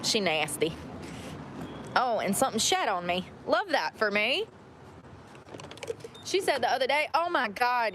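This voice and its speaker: Woman vlogger, car chat, brash and chatty, a bit high-pitched. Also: sing-song, unhurried, pauses often, a bit bright, a little hiss or hum. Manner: blunt, chatty, swears freely. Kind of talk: casual chat while driving.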